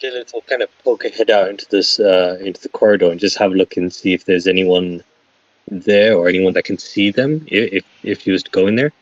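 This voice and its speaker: A man playing a tabletop game over a voice call, asking halting questions and restarting his sentences. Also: sits low, no room sound, lo-fi sound. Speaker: player.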